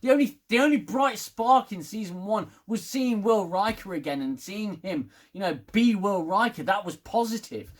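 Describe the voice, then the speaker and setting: A man's voice: high voice, animated, normal speed, hardly any pauses. A man giving a rambling, casual spoken TV review, swearing and getting worked up as he talks. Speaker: TV review vlogger.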